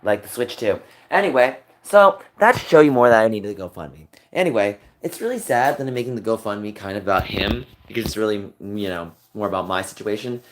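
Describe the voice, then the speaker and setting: A man streaming live, venting in an emotional rant that swings from low muttering to a raised voice. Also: animated, fairly quick, hardly any pauses, slight background noise.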